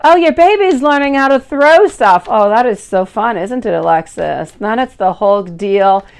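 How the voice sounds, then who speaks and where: A woman's voice: on the high side, animated, moderate pace, gravelly, smooth. A woman in her thirties giving a live-stream tarot reading in a chatty, affectionate way, calling viewers sweetie and beautiful. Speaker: tarot reader.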